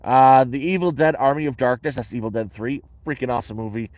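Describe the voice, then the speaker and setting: A man's voice: medium pitch, fast, a little mellow, no echo. A man from Canada, talking casually and bluntly about his life, with some swearing. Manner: blunt, profane, matter-of-fact. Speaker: vlogger answering viewer questions. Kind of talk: casual chat. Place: his shelter.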